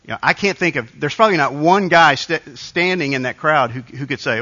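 Male pastor, conversational sermon, bright forceful tone, slightly dull lo-fi sound. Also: on the high side, brisk. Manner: conversational, self-deprecating storytelling with restarts.

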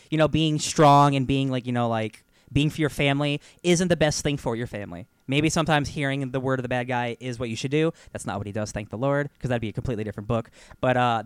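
An excitable man in a casual podcast chat, talking loosely and swearing now and then. His voice is smooth and resonant. The recording is close and dry, with no room sound. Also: mid-range voice, no echo.

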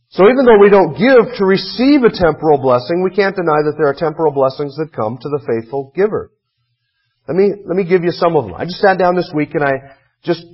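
A man's voice: fairly high pitch, slightly rough, lo-fi sound. A man preaching a sermon as pastor, earnest and emphatic, reading scripture aloud.

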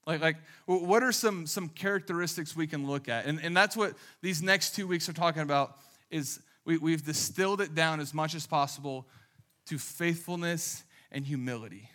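Man, pastor, casual sermon, animated storytelling, fairly high voice, bright tone. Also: normal speed. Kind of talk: conversational sermon.

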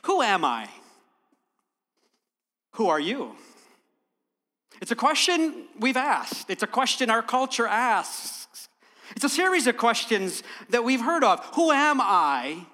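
Bright-voiced guest preacher. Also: male voice, extremely high pitch, big pitch swings, slow, long pauses, in a large hall. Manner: warm storyteller, rhetorical questions. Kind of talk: sermon.

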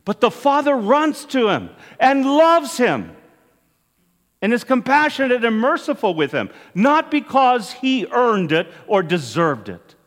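Animated male preacher in a reverberant church. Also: extremely high pitch. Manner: earnest, animated preaching with rising and falling emphasis. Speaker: priest. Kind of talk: sermon.

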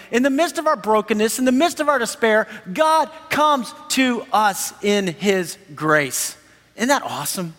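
A man in his thirties preaching a sermon as pastor, animated and enthusiastic, laughing often. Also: high voice. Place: church sanctuary. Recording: long hall reverb.

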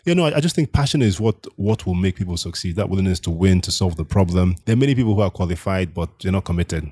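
A man with a very low voice answers interview questions as a founder, thinking aloud in a measured way and often restarting his sentences. The sound is dry and close, with no room echo. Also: lively intonation, warm tone, husky. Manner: measured, reflective, frequent restarts. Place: Nigeria.

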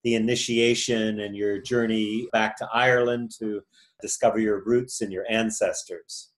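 A man interviewing a guest, asking calm, probing questions. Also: on the low side, moderate pace.

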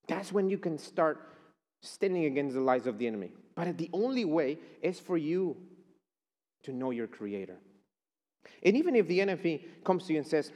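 A man's voice: a little high, big pitch swings, normal speed, a little mellow, big-room sound. A man preaching a chapel sermon, emphatic and declaring. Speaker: chapel speaker.

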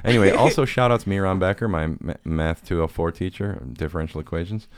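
Very deep-voiced man telling stories. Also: fast, clean tone, no echo, studio quality. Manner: rambling, profane, self-mocking with quoted impressions. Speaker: podcast host. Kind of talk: casual storytelling chat.

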